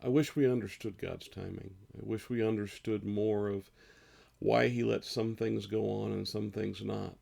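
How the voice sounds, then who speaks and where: A man in his fifties, a pastor, speaking earnestly and slowly in a devotional sermon and reading scripture aloud. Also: lowish voice, fairly even intonation, mellow. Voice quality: gravelly, husky. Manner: slow, earnest, rises on emotional lines.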